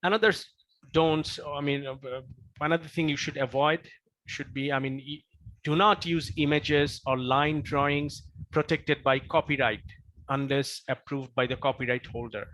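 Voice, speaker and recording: A male professor lecturing in a dry, close recording, his voice sitting a little high for a man. He talks earnestly, repeats his key points and pauses on fillers and restarts. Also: fairly even intonation, a bit bright, no echo, rough recording. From Bangladesh. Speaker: professor giving a training lecture.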